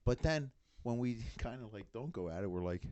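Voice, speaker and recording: A middle-aged man in casual podcast chat, an animated storyteller who acts out what others said. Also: medium pitch, normal speed, dry recording, lo-fi sound. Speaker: band member, father of bandmates.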